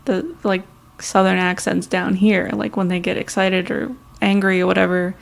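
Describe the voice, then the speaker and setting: Gravelly-voiced young woman from Long Island. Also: mid-range voice, flat delivery, normal speed. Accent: Long Island, New York (mild). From Long Island, New York. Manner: laughs often, chatty and blunt. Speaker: podcast co-host. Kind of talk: casual chat.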